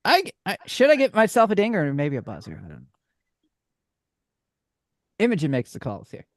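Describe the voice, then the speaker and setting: A man's voice: sits high, wildly swooping pitch, normal speed, no echo, studio quality. A man hosting a casual live chat, playful and laughing often. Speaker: host.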